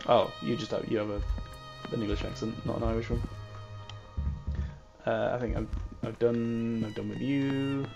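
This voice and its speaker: A man's voice: medium pitch, little pitch movement, normal speed, creaky, pauses often, music in the background. A man in casual game commentary, musing aloud and muttering to himself as he plays. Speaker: gamer.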